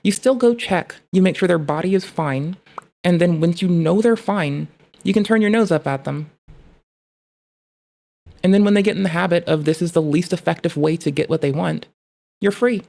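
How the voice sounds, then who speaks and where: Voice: mid-range voice, normal speed, vocal fry, pauses often. A young adult streamer ranting in casual chat, swearing often and rambling about pet training. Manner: profane, rambling, animated.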